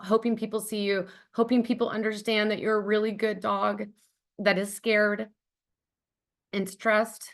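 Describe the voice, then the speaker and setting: A woman's voice: mid-range voice, fairly bright tone. A woman giving a conversational webinar presentation about a dog charity program, enthusiastic and heartfelt, with frequent ums and likes.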